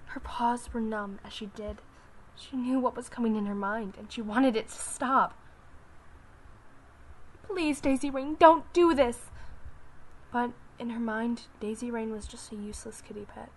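A young woman telling an animal story, reading slowly and haltingly with restarts and soft whispered asides. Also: fairly high pitch, level tone, a little hiss or hum, poor audio. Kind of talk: story narration.

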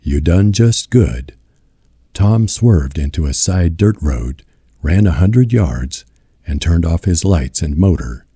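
A man with a deep voice narrating a novel as an audiobook in a slow, measured reading. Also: lively intonation, mellow, breathy edge, no echo, studio quality. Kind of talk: scripted narration.

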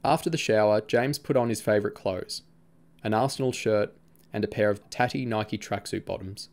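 A man narrating a novel aloud at a steady storytelling pace, voicing its characters himself. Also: fairly low pitch, moderate pace. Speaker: audiobook reader.

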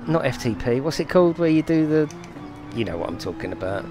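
A man's voice: a little high, very animated, fairly quick. A man commentating his own racing game on a live stream, swearing, apologising and giggling, with music playing behind him.

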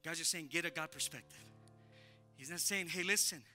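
A man preaching a sermon as pastor, telling a personal story with emphatic repetition and animated delivery. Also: a little high, moderate pace, soft background music. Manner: animated, emphatic, repeats phrases, laughs with congregation. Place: church sanctuary.

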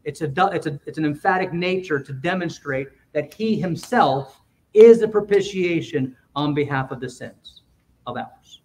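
High-voiced emphatic male preacher. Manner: emphatic, swings between loud and quiet, quick asides. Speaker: pastor. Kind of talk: sermon. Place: church.

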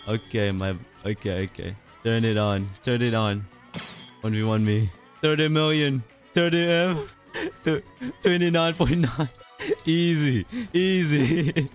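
A young man giving casual commentary over his own gameplay, excitable and laughing, repeating short phrases. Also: a little high, slow pace, faint music behind. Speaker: gaming youtuber.

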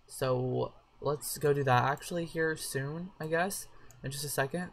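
A woman chatting through a life-sim game with a sore throat and a headache, excitable and swearing freely at her characters. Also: sits low, normal speed. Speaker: let's play gamer. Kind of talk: casual gameplay commentary.

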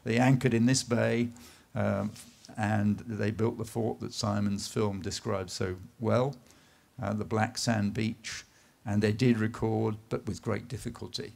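A man from England giving a live slide presentation at an art event, telling stories in an unhurried way with frequent "uh"s and some lines dropping to a soft voice. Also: fairly low pitch, little pitch movement, vocal fry. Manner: unhurried, anecdotal, with filler "uh"s and dips to a soft voice. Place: event space in a garden venue.

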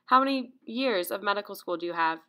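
A woman's voice: mid-range voice, expressive, a little fast, bright, forceful tone. A woman voicing a cold, sadistic female camp commandant, curt and mocking.

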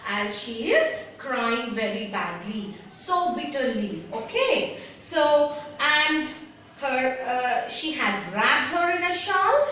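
A woman teaches an online class at an unhurried pace, with a high, bright voice. She repeats key words patiently and tells students what to underline. She sits away from the mic in a very echoey room with a faint hiss behind her. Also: sing-song, distant mic. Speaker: English teacher. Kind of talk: online class lesson explaining a story.

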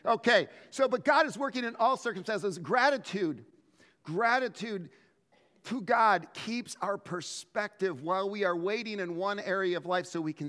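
A man preaching a sermon as pastor, telling stories in an animated way and often restarting his words. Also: high-pitched, normal speed, long reverb tail. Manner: animated storytelling with frequent word restarts.

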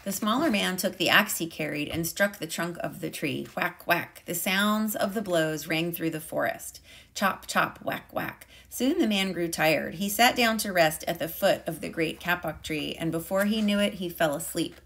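A woman teacher reading a picture book aloud to a class in a calm, measured way. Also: lowish voice, vocal fry.

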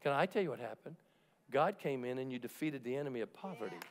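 A man's voice: medium pitch, lively intonation, fast. A man preaching a sermon as pastor, in an emphatic and jokey way, acting out the people he quotes. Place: large church sanctuary. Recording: long reverb of a church hall.

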